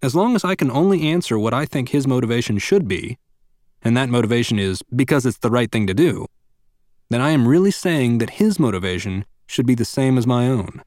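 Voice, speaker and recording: Lively, earnest man narrating. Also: medium pitch, dry recording, clean studio sound. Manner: earnest, measured, addresses the listener directly. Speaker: audiobook narrator of a parenting book. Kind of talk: scripted nonfiction narration.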